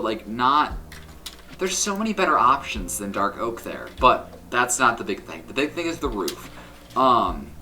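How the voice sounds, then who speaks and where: Bright-voiced young man, self-critical rambling. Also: fairly low pitch. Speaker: Minecraft builder and YouTuber. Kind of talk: casual gameplay commentary.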